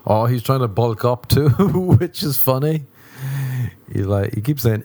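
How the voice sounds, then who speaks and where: A man's voice: medium pitch, animated, measured pace, mellow, dry recording. A young Irish man hosting a casual solo podcast, rambling and wry with plenty of swearing, talking from home. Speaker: podcast host.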